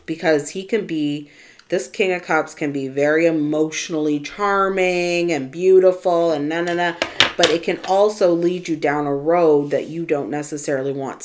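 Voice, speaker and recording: A woman giving a casual, chatty tarot reading to her viewers. She often checks in with "right?" and addresses the listener as Divine Feminine. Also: sits low. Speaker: spiritual tarot reader.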